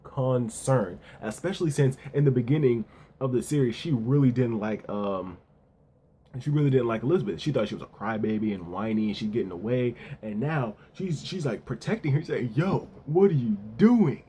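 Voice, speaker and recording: Laid-back man with a mellow voice. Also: mid-range voice, animated, a little fast, slight background noise. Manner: loose slangy talk full of "yo" and "you know what I'm saying". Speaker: anime and manga reviewer. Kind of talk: casual chapter review.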